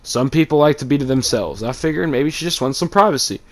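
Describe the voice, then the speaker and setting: A man's voice: mid-range voice, lively intonation, fast talker. A man from East Texas, telling a rambling, profane story about his own life. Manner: rambling, swears a lot, acts out quotes.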